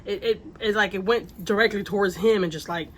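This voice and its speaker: A woman's voice: mid-range voice, a little fast. A woman telling a vacation story in casual storytime style, rambling and repeating herself with the odd swear word.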